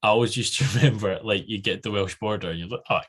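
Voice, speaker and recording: A man's voice: lowish voice, fast talker, slightly rough. A Scottish man hosting a podcast, chatty and laughing easily as he asks questions and tells stories. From Scotland. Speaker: podcast host. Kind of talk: casual interview chat.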